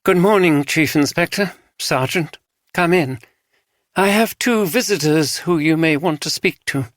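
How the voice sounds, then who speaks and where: Male reader voicing a tired, distracted widower, high and strained, dry sound. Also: measured pace, a bit bright, no echo. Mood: weary. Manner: weary and bewildered.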